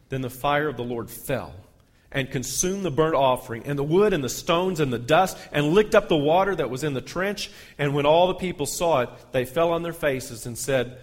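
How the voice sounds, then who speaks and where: With long hall reverb around him in a church sanctuary, a male pastor reads scripture in his sermon and lifts his voice on the quotations. His voice is a little high, animated and slightly fast.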